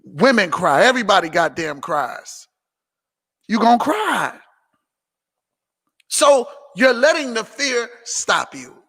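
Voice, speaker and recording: A man giving an emphatic, preachy motivational business talk on a livestream, repeating phrases and sometimes shouting. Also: sits high, sing-song, slow pace, pauses often, in a large hall. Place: indoor room filming himself on several cameras.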